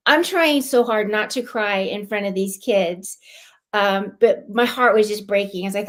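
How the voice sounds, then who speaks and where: A woman from California, a guest on a live-streamed club show, telling a personal story in a heartfelt, animated way. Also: medium pitch, moderate pace. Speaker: guest, club lieutenant governor.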